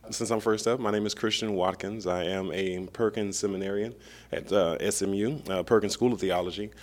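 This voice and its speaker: A man from Dallas, a seminary student guesting on a podcast, speaking in a measured, careful way. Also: on the low side, steady tone. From Dallas, Texas. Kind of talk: casual podcast talk.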